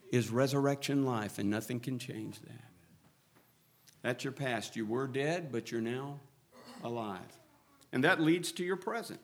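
A man preaching a sermon, moving between hushed, quiet passages and loud, fervent build-ups as he quotes scripture. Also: medium pitch.

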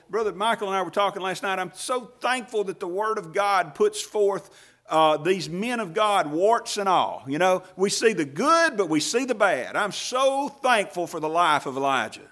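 A man preaching a sermon in a folksy manner, acting out quoted voices and swinging from loud emphasis to near whisper. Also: sits high, lively intonation, normal speed.

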